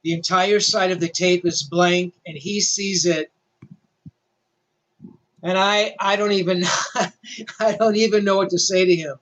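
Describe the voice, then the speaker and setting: A man's voice: sits high, steady tone, a little slow, long pauses, fairly bright tone, rough recording. An older male rock journalist telling a story animatedly, with self-deprecating humor. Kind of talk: storytelling interview.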